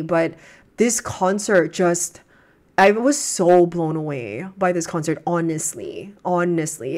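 A young woman reaction streamer chatting at home, gushing and rambling with many restarts. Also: lowish voice. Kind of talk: casual chat.

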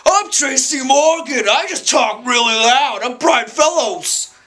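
Man doing a loud brash comic guy, shouting, drawn out, bright-toned. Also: extremely high pitch, animated, pitched above the performer's own voice, full character voice. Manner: yelling slowly, drawn-out words. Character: loud brash comedian, adult man, self-mocking. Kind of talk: comic impression.

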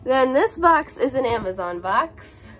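A woman's voice: high voice, sing-song, a little slow. Gushy twenties girl opening a box, kinda sick n coughy, voice bounces all over, faint music behind. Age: 20s. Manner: bubbly, gushing, breaks into brief song bits. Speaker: YouTuber unboxing a swap package. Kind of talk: casual unboxing chat.

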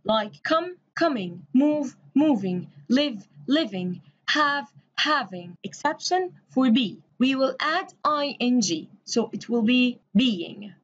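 A woman's voice: high voice, animated, slow pace, few pauses, lo-fi sound. A woman from Egypt, an English teacher giving a recorded grammar lesson, explaining step by step and spelling words out letter by letter.

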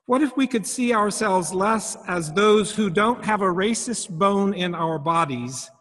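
Male preacher, unhurried, reflective questioning delivery; long reverb from the church. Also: high voice, expressive, a bit bright. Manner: reflective, asks many questions. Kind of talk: sermon.

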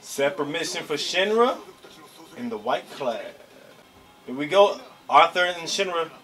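A young man hosting an anime reaction, chatting casually in slang and breaking into excited shouts. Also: a little high, a little slow.

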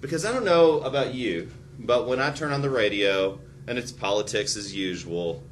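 A male history teacher giving an animated lecture with joking, sarcastic asides. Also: medium pitch, normal speed, hardly any pauses, a little hiss or hum. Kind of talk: classroom lecture.

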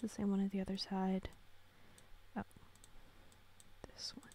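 A woman's voice: medium pitch, level tone, measured pace, mellow. A young woman giving casual, gushing commentary while playing a computer game, cooing over tiny characters. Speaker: gaming creator.

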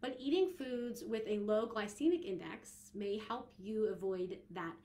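A woman's voice: medium pitch, unhurried, dark tone. A young woman hosting a podcast, talking casually and chattily with frequent giggles, fillers and restarts. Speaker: podcast host and coach.

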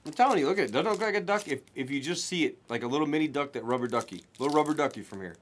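Excitable man calling card pulls. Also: on the high side, a little hiss or hum. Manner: excitable, chatty, rapid play-by-play of pulls. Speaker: card break host. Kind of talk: casual chat while opening cards.

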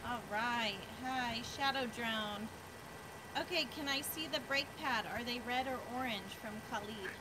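Brisk woman reading out chat. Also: fairly high pitch, noisy background. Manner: reads viewer names and questions aloud briskly. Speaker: co-host reading chat questions. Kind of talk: casual live-stream chat. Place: outdoors beside a car.

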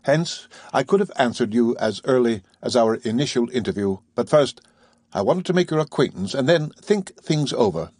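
A composed, commanding ship's captain speaks in measured, penetrating tones, as a male audiobook reader voices him. The voice is slightly husky and sits at an ordinary middle pitch. The recording is dry and close. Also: expressive, a little mellow, no echo. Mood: calm. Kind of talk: audiobook reading.

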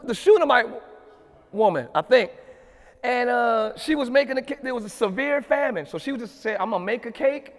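High-voiced pastor preaching in a reverberant hall. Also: male voice. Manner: preaches with rising shouted emphasis and repeated refrains. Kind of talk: sermon. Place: church sanctuary.

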